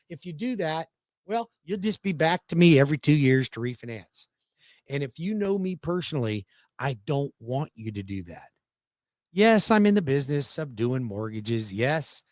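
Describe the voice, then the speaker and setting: A man hosting a radio show as a mortgage lender, telling a client story in a persuasive, animated way, with big swings in pitch and loudness for emphasis. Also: no room sound, clean studio sound.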